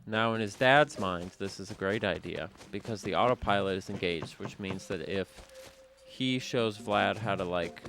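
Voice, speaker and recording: A man's voice: sits low, normal speed, vocal fry, a bit bright. A man casually rambling through a joking story while playing a game, offhand and jokey. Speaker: gaming channel host. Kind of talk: rambling storytelling over gameplay. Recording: music playing behind.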